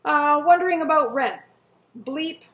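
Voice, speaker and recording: A middle-aged woman reading her old journal entries aloud to viewers in an earnest, emotional way, with soft laughs and sighs. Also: a little high, moderate pace, dull audio, a little hiss or hum. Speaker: co-host. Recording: echoey room.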